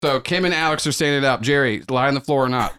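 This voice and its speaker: A man's voice: mid-range voice, fast, fairly bright tone, clear, resonant tone. A man running a tabletop game as game master, narrating in a loose, hesitant way full of restarts.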